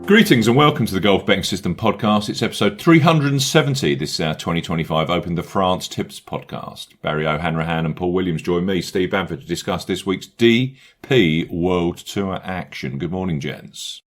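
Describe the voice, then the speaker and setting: A man with a very low, deep voice hosts a golf betting podcast. He runs through the sponsor and promo lines briskly and upbeat, then eases into relaxed banter with his co-hosts. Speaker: podcast host.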